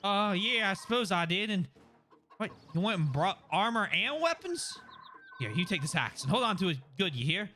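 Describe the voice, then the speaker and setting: A man's voice: high-pitched, sing-song, normal speed, bright, forceful tone, soft background music, voice pushed up, full character voice. Man doing a folksy Southern farmer soldier. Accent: American Southern. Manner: folksy, plain-spoken drawl.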